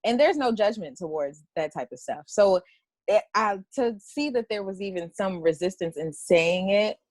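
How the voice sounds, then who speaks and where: A woman's voice: medium pitch, lively intonation, moderate pace, a little mellow, no echo. Woman poet chatting real open, lots of restarts, kinda teary, dry close sound. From Washington, D.C. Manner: candid, rambling, with frequent laughs and restarts. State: tearful at times. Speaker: poet and guest. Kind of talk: emotional interview conversation.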